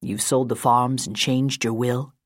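A woman voicing an older male attorney who speaks in a measured, earnest, dismayed way. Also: a bass voice, fairly even intonation, dry recording, clean studio sound, pitched below the performer's own voice.

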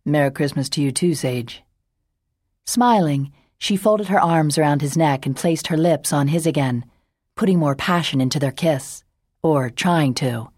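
A woman narrating a romance audiobook in an even storytelling manner. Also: low voice, normal speed, husky, no echo, clean studio sound. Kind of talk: scripted narration.

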